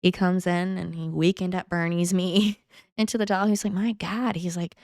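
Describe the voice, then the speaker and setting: A woman's voice: on the low side, flat delivery, fairly quick, a little mellow, dry recording, clean studio sound. A woman in her thirties, a podcast guest, telling a personal story casually, acting out other people's lines and laughing often.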